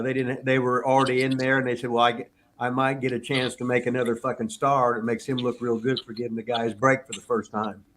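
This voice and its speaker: A man's voice: medium pitch, fairly bright tone. An older man, a veteran wrestler and show host, blunt and profane on a live video call. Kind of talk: casual live show chat.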